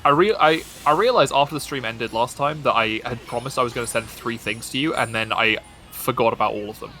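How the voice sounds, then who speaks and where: Bright-voiced man in rambling gaming chat. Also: medium pitch, brisk, faint music behind. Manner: rambling, self-interrupting, joking. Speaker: streamer.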